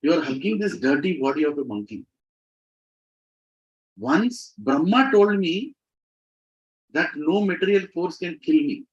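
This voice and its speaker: A man's voice: on the high side, lively intonation, unhurried, pauses often, voice pushed up. A man voicing a fervent devoted monkey god. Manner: impassioned and pleading. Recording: slightly muffled recording.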